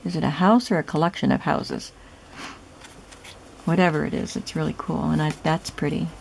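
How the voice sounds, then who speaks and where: A woman casually narrating a show-and-tell of a handmade journal, soft, chatty and admiring as she thinks aloud. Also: sits low, steady tone, moderate pace, vocal fry, slight background noise, low-quality recording. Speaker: craft vlogger showing a gifted journal.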